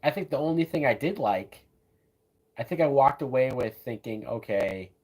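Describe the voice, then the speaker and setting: A man's voice: mid-range voice, animated, moderate pace, darkish tone. A man giving casual, loose live commentary while watching a movie, often tossing in "man" and "like". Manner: loose, chatty, says "man" and "like" a lot.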